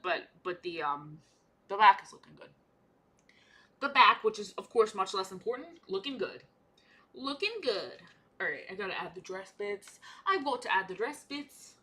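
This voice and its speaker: A woman's voice: mid-range voice, pushed and bright. A young woman chatting casually while painting miniatures, repeating her own lines as she talks. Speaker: art vlogger.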